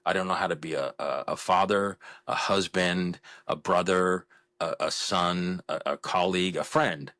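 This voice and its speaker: A man in his fifties with a deep, low-pitched voice, recorded close and dry with almost no room sound. He talks candidly as a podcast guest, frank and self-deprecating, often restarting his sentences. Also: fairly even intonation, moderate pace, sharp tone, dry recording. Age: 50s. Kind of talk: candid interview conversation.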